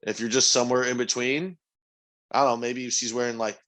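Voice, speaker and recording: A man's voice: mid-range voice, steady tone, fairly quick, a bit bright. A man co-hosting a podcast, talking in a casual, opinionated way and swearing freely. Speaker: podcast co-host. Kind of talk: casual chat.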